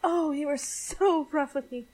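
A woman playing a high, breathy, pleading elf. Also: unhurried, a little mellow, rough recording. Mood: urgent.

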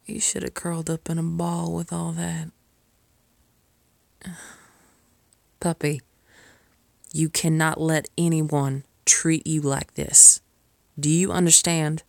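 A woman's voice: low voice, fairly even intonation, takes it slowly, creaky, long pauses, no echo. A woman in an audio role-play, speaking as a caring mistress to the listener, by turns scolding and tender, often dropping to a whisper.

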